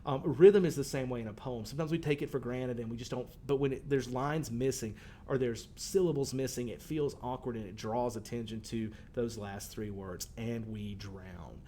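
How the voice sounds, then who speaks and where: A man's voice: medium pitch, fairly quick, mellow, a little hiss or hum. A male teacher, talking students through a poem in a conversational way, with fillers and lines read aloud. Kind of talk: recorded poetry lesson for students.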